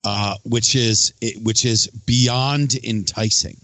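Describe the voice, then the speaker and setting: A man's voice: mid-range voice, fairly even intonation, takes it slowly, fairly bright tone, dry recording. A man hosting a casual conversation, rambling with restarts and sarcastic asides. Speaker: podcast host. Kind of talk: casual chat.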